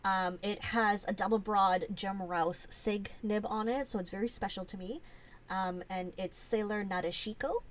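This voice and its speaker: A woman hosts a casual live-stream show-and-tell, talking at an unhurried, slow pace. She gushes and chats, with plenty of fillers, and there is a faint hiss underneath. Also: medium pitch. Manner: gushing, chatty, with many fillers.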